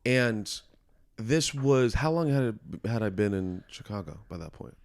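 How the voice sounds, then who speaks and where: Brief: thoughtful man guest, low-pitched, pauses and restarts as he talks. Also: lively intonation. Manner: reflective, halting, restarts often. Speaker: podcast guest. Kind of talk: casual conversation.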